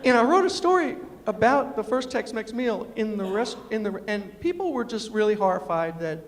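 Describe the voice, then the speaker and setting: In a university lecture hall with long reverb, a middle-aged New York City humorist tells funny stories to a live audience. His voice sits high at a moderate pace, and he's animated, quoting people in acted voices and asking the crowd questions.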